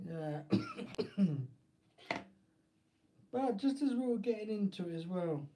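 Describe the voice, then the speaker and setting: A man's voice: high voice, lively intonation, slow, dark tone, a little hiss or hum. A man with an Essex accent chatting casually and rambling on a live stream, laughing often.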